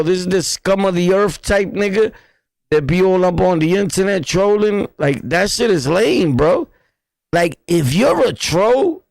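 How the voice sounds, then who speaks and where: A man's voice: a little high, no echo. A man with a New York accent hosting a casual livestream, talking bluntly in repetitive street slang. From New York City. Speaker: livestream host.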